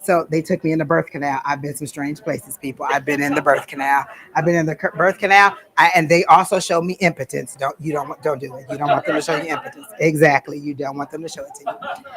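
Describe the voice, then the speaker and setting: In a class on psychic reading, a woman talks fairly quickly in a low, steady voice, sharing stories casually with a small group and filling gaps with frequent ums. Crowd noise and poor audio mar the clip.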